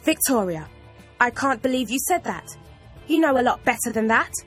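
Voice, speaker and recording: A woman voicing a strict female headmistress who speaks in a stern, sharp, loud way. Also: fairly high pitch, animated, normal speed, husky, faint music behind.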